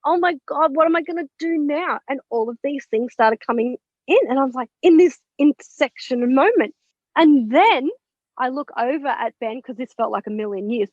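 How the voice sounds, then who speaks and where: A woman's voice: sits high, no room sound, highs cut off. A woman in her thirties, a podcast guest, telling a personal story with feeling and swearing freely as she voices her past thoughts.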